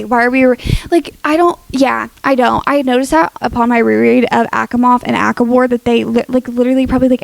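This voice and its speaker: A woman's voice: fairly high pitch, gravelly, no room sound. Chatty young woman ranting about books. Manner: chatty, dramatic, lots of "like". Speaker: book YouTuber. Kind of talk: casual opinion vlog.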